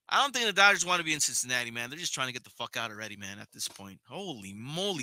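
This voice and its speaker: Young man, casual baseball play-by-play, chatty, swears, talks to viewers, tense bright voice. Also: medium pitch, expressive, fast, no room sound. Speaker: podcast host and play-by-play caller. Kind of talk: casual live play-by-play commentary.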